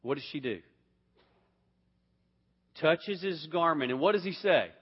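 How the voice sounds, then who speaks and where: An animated, husky man with a voice on the high side teaches Bible class at a measured pace, questioning the group, repeating words and often starting over. Dull audio with long hall reverb.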